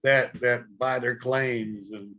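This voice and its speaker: Rambling retired American host, lo-fi. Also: male voice, medium pitch, fairly even intonation, slow, a bit bright, a little hiss or hum. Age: older. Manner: rambling, repeats words, folksy. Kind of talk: casual chat on a livestream. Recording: dull lo-fi stream audio.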